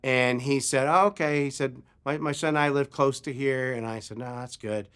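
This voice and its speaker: A man preaching a sermon, telling a personal story with animated delivery and acted-out shouts. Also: mid-range voice, normal speed, smooth. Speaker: pastor.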